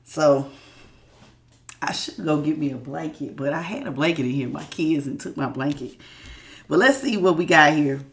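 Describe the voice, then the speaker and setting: Woman tarot reader, sick, low gravelly voice, folksy and chatty. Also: moderate pace. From Southern United States. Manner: chatty, folksy, calls listeners y'all and baby. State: sick with a sore throat. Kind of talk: casual spiritual reading.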